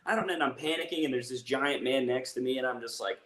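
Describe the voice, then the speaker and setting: A man's voice: mid-range voice, quick pace. Rambling Appalachian man in an echoey room. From East Tennessee. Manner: rambling, self-deprecating, animated. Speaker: comedian guest. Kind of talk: casual storytelling chat.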